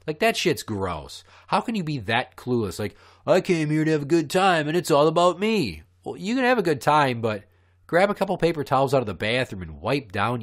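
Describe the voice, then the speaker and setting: A man hosting a podcast who tells stories in a profane, heated, ranting way. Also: lowish voice. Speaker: podcast host. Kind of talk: ranting storytelling.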